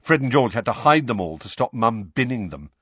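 A man reading an audiobook, voicing an awkward teenage boy who talks in a halting, offhand way. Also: mid-range voice, very animated, a bit bright, breathy edge, no echo, lo-fi sound. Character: Ron, awkward teenage boy, a bit slow.

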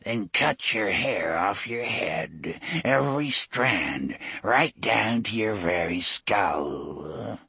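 A man voicing an entranced young woman in a high, dreamy, sing-song lilt. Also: expressive, extremely slow, gravelly, few pauses, pushed and bright, husky, no echo, exaggerated voice.

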